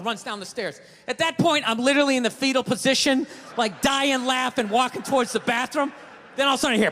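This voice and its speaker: A man's voice: extremely high pitch, quick pace, sharp tone. A male stand-up comedian ranting through a profane, brash story to a live audience. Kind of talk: stand-up routine. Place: comedy stage before an audience. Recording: live theater hall with crowd.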